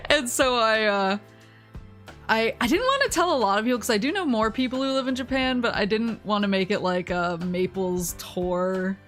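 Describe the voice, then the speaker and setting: A woman vtuber chatting casually on stream, telling a long rambling story, laughing often and quoting people in lively voices. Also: mid-range voice.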